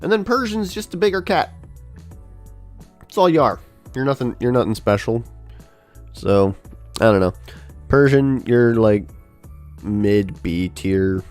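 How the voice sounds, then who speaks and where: A man giving casual livestream commentary, chatty and thinking out loud, laughing often. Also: mid-range voice, expressive, unhurried, pauses often, soft background music. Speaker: livestreamer ranking a tier list.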